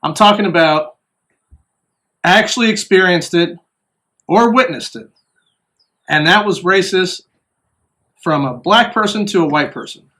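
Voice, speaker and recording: Man, high voice, casual vlog monologue, animated storyteller. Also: unhurried, pauses often. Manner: storytelling, acts out quoted voices. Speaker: vlogger.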